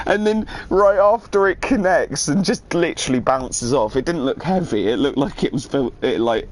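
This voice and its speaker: A man in casual, rambling, profane chat, telling funny stories. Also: fairly high pitch. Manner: rambling, profane, laughing storyteller. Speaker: streamer.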